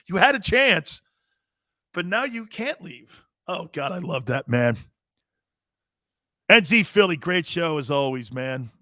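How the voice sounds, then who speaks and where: Excitable high-voiced male sports show host. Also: no echo, studio quality. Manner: loud, jokey and profane, laughs often; rapid, excitable banter. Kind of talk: live sports talk show, reading viewer chat.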